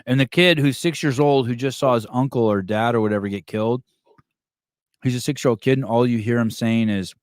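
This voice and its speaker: A man's voice: mid-range voice, a little fast, no room sound, studio quality. A man hosting a podcast, chatting casually and telling a long story with lots of restarts and fillers. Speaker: podcast host. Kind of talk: casual chat.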